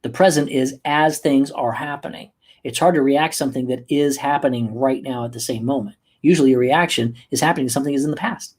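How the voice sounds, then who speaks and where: A man hosting a motivational podcast as a coach, talking emphatically and moving from slow, soft passages to quick bursts. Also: mid-range voice, breathy edge. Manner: emphatic, acts out angry outbursts.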